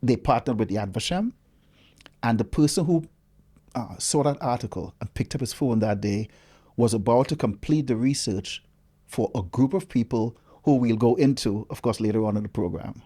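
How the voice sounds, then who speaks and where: A man, a guest researcher telling a story in a casual interview with lively, dramatic delivery. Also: medium pitch, moderate pace, breathy edge.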